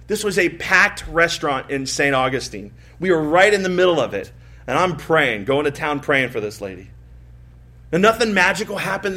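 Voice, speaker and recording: Male pastor, fairly high voice, lively sermon delivery with big swings in loudness. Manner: storytelling, swings from soft asides to emphatic rises.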